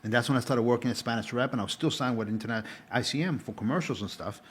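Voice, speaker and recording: A man's voice: mid-range voice, quick pace, a bit bright, breathy edge. A middle-aged man, a former stage actor, talking as a guest in a rambling, casual chat. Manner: rambling, with restarts.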